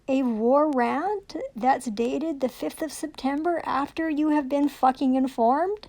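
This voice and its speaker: Woman, fairly high voice, raging profane rant full of sarcasm. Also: measured pace, hardly any pauses, a little mellow. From Canada. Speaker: self-recording vlogger. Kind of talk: angry rant to camera.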